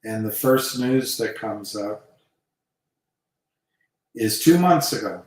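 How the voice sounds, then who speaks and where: A man's voice: on the low side, animated, takes it slowly, long pauses, a little mellow. A man hosting a live stream, rambling hesitantly with many fillers. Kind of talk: casual rambling talk. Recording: very echoey room, mic far off.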